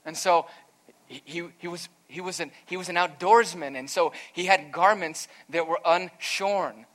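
A pastor preaching an earnest, emphatic sermon, weaving in a storytelling aside. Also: male voice, sits high, a little slow, fairly bright tone.

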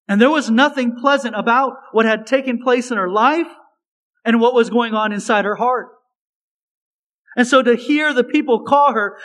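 A male preacher giving an expository sermon, swinging between raised, emphatic lines and hushed, low asides. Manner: slow, deliberate delivery.

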